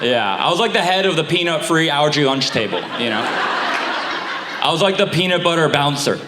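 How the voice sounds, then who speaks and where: A man's voice: on the high side, animated, moderate pace, very noisy. Young man with a lisp doing stand-up. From Staten Island. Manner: conversational, self-deprecating delivery with asides to the crowd. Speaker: stand-up comedian. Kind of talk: stand-up comedy set. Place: theater stage before a live audience. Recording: roomy live theater sound.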